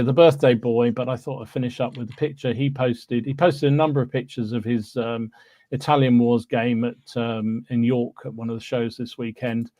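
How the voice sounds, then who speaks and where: A man co-hosts a casual hobby podcast, chatting loosely and filling his talk with fillers and "there you go." His voice is mid-range with a darkish tone, and there's no echo.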